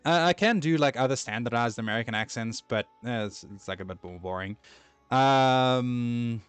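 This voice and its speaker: A man's voice: mid-range voice, normal speed, smooth, dry recording, faint music behind. A young man chatting casually while playing a game, rambling and easily distracted, self-deprecating. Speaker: gaming streamer.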